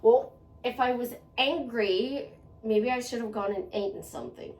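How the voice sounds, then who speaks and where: A self-help vlogger delivers a motivational monologue to the camera, earnest and conversational, repeating phrases for emphasis. Her voice is a little high and a little mellow, at a moderate pace. The room is echoey and she sits a bit far from the mic.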